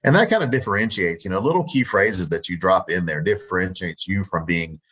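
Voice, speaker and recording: A man's voice: low-pitched, expressive, brisk, fairly bright tone, slightly rough, lo-fi sound. A Texan man, a real estate wholesaler, chatting confidently in an interview and acting out his phone scripts. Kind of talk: casual interview talk.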